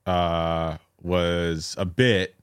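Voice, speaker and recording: A man's voice: sits low, level tone, very slow, smooth, dry recording. A man hosting a casual podcast, telling stories in a dry, laid-back way. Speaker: podcast host. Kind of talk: casual chat.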